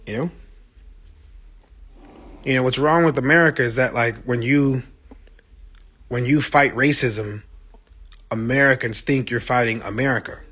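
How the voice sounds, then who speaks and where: A man's voice: medium pitch, fairly bright tone, husky. A man talking on a phone livestream, blunt and profane, speaking with passion and answering viewer comments as they come in. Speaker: musician streaming live to fans. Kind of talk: casual livestream monologue.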